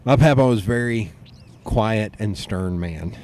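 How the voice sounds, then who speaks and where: A man hosting a podcast, telling stories in a relaxed conversational way. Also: fairly low pitch, slight background noise. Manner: storytelling, quick and animated with restarts. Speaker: podcast host. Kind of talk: casual conversational interview.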